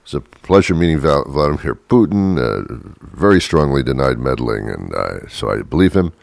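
A man putting on a smug, blustering president in a comedy bit, dropping his voice much lower and drawling through halting, self-satisfied praise. The sound is dry and close. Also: big pitch swings, vocal fry, no echo, heavily acted. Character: blustering male president, boastful and evasive.

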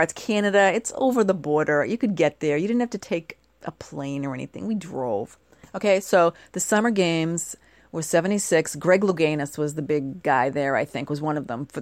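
A woman's voice: on the low side, no echo. A woman in her forties from the United States, talking in a casual, rambling monologue and often asking rhetorical questions. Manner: chatty, animated, asks rhetorical questions.

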